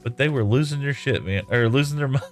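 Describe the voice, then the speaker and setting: A man's voice: mid-range voice, fast, soft background music. A man live-streaming a game, chatting casually and reading viewer comments in a rambling, easygoing way, often laughing.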